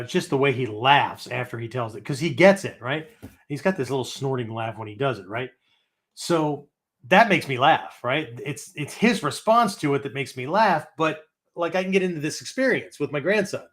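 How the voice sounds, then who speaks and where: A man's voice: mid-range voice, a bit bright. An older man hosting a philosophy show, explaining step by step in a chatty teaching talk and ending many phrases with "right?" and "okay?". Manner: explains step by step, with frequent restarts. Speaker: podcast host teaching philosophy.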